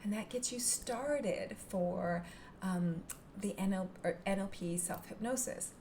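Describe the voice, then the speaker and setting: A woman teaching hypnotherapy technique in a calm, gentle manner, sometimes dropping into a soft whisper. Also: medium pitch, unhurried, a little hiss or hum. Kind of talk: instructional talk to camera.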